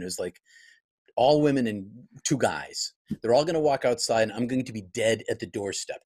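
A man's voice: mid-range voice, a little mellow. A middle-aged pastor, a guest in an interview, telling a personal story in a reflective way, acting out his own past thoughts and often restarting his sentences.

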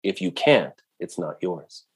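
A man voicing a calm, wise old native woman who speaks patiently and gently but firmly. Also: low-pitched, a little slow, slightly rough, full character voice.

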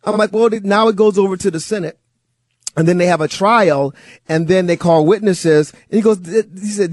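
A man fills in as a talk radio host and runs an animated monologue full of stories and mocking asides. His voice sits high and swings widely in pitch. The mic is close and dry. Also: moderate pace, no echo. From United States.

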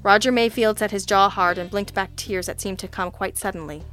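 A woman's voice: mid-range voice, fairly even intonation, a little fast, a bit bright, soft background music. A woman narrating a detective story in a dry, wry first-person manner. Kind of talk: audiobook reading of a detective story.

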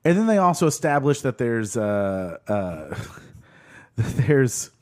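A man's voice: mid-range voice, big pitch swings, slow pace, a little mellow. A man co-hosting a casual podcast chat, rambling with lots of fillers and laughs. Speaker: podcast co-host.

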